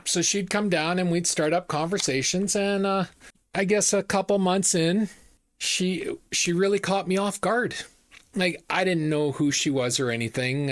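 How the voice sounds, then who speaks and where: A man in his fifties telling a story to camera in a chatty, casual way, often repeating himself and using fillers. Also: a little high. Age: 50s. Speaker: vlog host.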